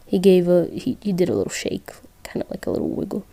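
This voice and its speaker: A woman's voice: fairly low pitch, big pitch swings, fast talker, gravelly, hardly any pauses, dark tone, no room sound. A young woman casually telling a listener role-play story, rambling with asides.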